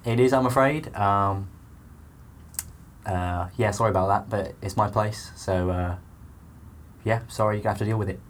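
A man's voice: on the low side, steady tone, moderate pace, long pauses, slight background noise, natural voice. A man doing a rambling boastful celebrity impression. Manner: rambling, hesitant, self-promoting. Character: man's mock film-star impression, pushy beer seller. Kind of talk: comedy improv.

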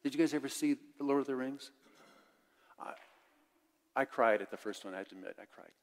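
Older male pastor, mid-pitched, candid conversational sermon, long reverb of a church sanctuary. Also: brisk. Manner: candid, conversational preaching with swings between loud and hushed.

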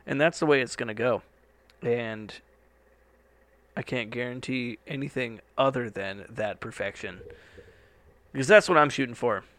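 A man's voice: medium pitch, normal speed, a bit bright. A young man hosting a podcast from a studio, rambling casually and swearing now and then. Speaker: podcast host. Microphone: studio microphone.

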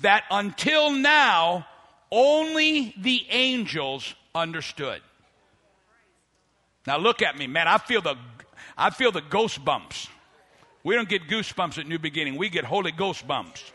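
High bright-voiced preaching pastor in a hall. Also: male voice, measured pace. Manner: animated preaching, pitch and volume swinging widely, voicing people in his story. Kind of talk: sermon. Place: church hall. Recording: long reverb of a large hall.

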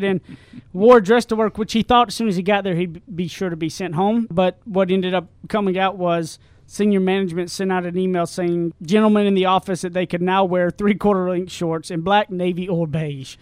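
A man with a high voice chats casually as a podcast co-host. He tells stories with animation, and the sound is dry and close. His voice stays bright and light. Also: moderate pace, clear, resonant tone, dry recording. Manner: animated storyteller, laughs while telling. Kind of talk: casual chat.

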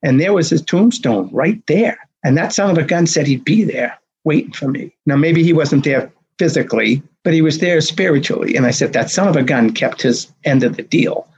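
A man in his sixties, a race director telling a story in an interview, acting out the dialogue with lively energy. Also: a little high, moderate pace, hardly any pauses, slightly rough, muffled recording. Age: 60s. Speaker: marathon race director, guest. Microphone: video call.

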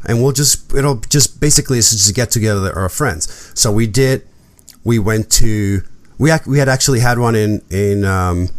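A man's voice: lowish voice, no room sound. A man hosting a podcast, telling a personal story in casual chat, acting out quotes and swearing freely. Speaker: podcast host.

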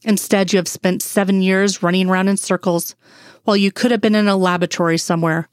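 A woman's voice: mid-range voice, fairly even intonation, quick pace, no echo, close to an everyday voice. A woman voicing a stern, condescending male FBI assistant director in a dry-sounding read story. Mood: weary stern. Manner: cold, clipped, condescending.

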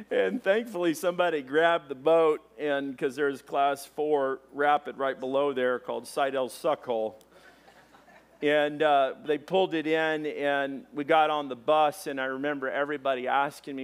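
A man in his thirties delivers a sermon with a notably high voice. He tells stories in an animated way, often jumping louder when he acts out exclamations. The pacing is conversational and full of fillers. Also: normal speed, smooth. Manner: animated storyteller, raises voice for quoted exclamations. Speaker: pastor. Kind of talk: sermon storytelling.

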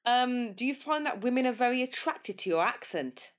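A woman's voice: a little high, animated, moderate pace. A woman hosting an interview show, chatting casually and teasing her guest playfully. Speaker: podcast host.

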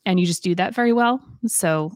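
A woman's voice: fairly low pitch, a little fast, no room sound. A woman with a Southern US accent co-hosting a faith podcast, chatty and affirming. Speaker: podcast co-host. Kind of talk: casual faith podcast chat.

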